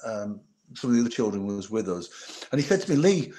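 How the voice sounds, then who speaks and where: Lowish and dark in tone, this man's voice is very animated and brisk. The middle-aged former bodyguard tells stories in an interview, acting out old dialogue and repeatedly beginning his sentences again.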